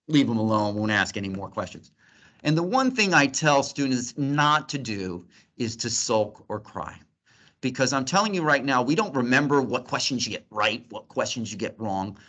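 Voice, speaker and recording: A middle-aged man lecturing at grand rounds as a physician. His delivery is lively and laced with humor. He sits at an ordinary pitch for a man. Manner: lively, joking teaching tone.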